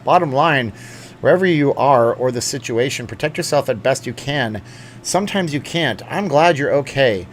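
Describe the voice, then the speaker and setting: A man's voice: medium pitch, lively intonation, moderate pace, slight background noise. A man from Canada hosting a casual live stream, rambling and jokey, reading out viewer chats.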